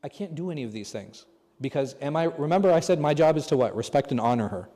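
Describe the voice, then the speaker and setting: A man gives a relaxed religious lesson in a large mosque hall. His tone is mellow and warm. He keeps asking his listeners questions, and the reverb trails on after each phrase. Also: on the high side, quick pace. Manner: asks the audience rhetorical questions. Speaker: imam teaching a class.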